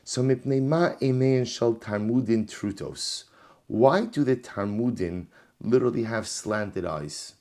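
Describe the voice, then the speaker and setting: A man teaching a Talmud class as a rabbi. He reads the Aramaic text aloud, then explains it in English, telling the story with lively energy and often repeating phrases for emphasis. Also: mid-range voice, measured pace.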